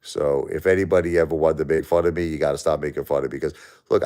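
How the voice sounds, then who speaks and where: Very deep-voiced man, grieving live host. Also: fairly even intonation, darkish tone, smooth. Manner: halting, repeats words, talks to viewers. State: grieving, stressed. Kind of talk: emotional live-stream chat.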